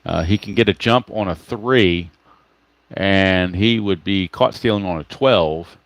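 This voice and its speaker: A man's voice: deep voice, unhurried, no room sound. A man giving casual play-by-play of a tabletop baseball game, explaining each roll and chatting to viewers by name.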